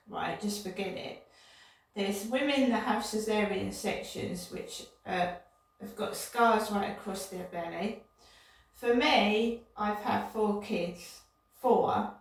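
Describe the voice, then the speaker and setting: Gravelly older woman, slow and echoey. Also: medium pitch. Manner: indignant, repetitive, digressive. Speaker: vlogger. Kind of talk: casual rambling monologue. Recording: echoey room, distant from mic.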